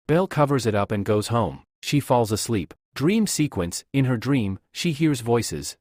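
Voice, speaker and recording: A man narrating a scripted comic recap in a steady storytelling manner. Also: medium pitch, a little slow, few pauses, dry recording, clean studio sound.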